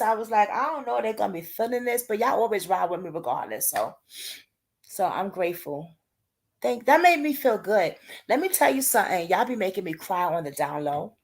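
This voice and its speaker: A woman hosting a casual livestream from home, talking in a chatty, heartfelt way to her subscribers and calling them y'all. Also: mid-range voice.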